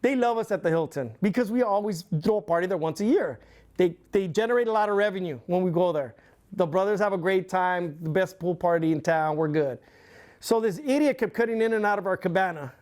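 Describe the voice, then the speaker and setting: A man's voice: high voice, brisk. A middle-aged man telling a long story as an interview guest, swearing constantly and laughing as he goes. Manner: profane, animated storyteller who laughs often. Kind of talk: casual storytelling.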